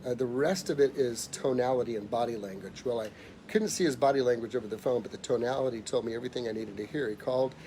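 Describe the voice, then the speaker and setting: A middle-aged man giving a motivational talk, telling a personal story emphatically and dropping quiet when he voices others. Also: mid-range voice, fast talker, slight background noise. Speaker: motivational speaker.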